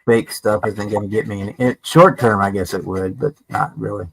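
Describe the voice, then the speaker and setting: Casual man, somewhat low voice, chatty explainer with restarts. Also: fairly even intonation, normal speed, gravelly, breathy edge, no echo, low-quality recording. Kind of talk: casual livestream chat.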